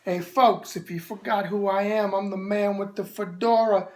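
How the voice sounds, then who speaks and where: A man's voice: high-pitched, steady tone, normal speed, noisy background. A middle-aged man with a New York accent hosting a boxing show, answering viewer mail in brash wise-guy banter.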